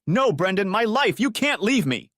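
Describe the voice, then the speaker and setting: A man's voice: mid-range voice, big pitch swings, brisk, fairly bright tone, no room sound. A man narrating an audiobook puts on a tearful, begging wife who pleads with her husband. The voice swings up and down with feeling. It is recorded close and dry. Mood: wailing. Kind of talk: audiobook character voice.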